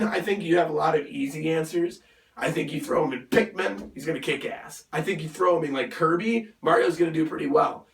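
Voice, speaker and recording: A man hosting a gaming chat show, his voice hoarse and gravelly from losing it, a little higher than most men. He jokes around in a loose, talky way. The sound is roomy and echoing, as if the mic sits a way off from him. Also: a bit bright. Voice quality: raspy. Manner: chatty and joking. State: hoarse from a lost voice. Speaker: show host. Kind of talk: casual gaming interview. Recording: echoey room, distant mic.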